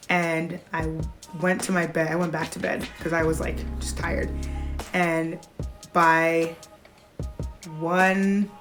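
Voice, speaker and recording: Young woman vlogger, lower voice, lively storytelling, faint music underneath. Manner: animated retelling, acts out quoted voices. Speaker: vlogger, new nurse graduate. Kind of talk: casual storytelling to camera.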